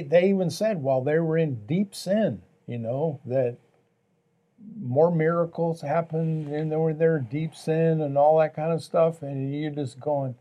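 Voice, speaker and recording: Pastor, man, warm-toned, slightly high voice, earnest and preachy, repeats phrases. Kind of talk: faith talk show conversation.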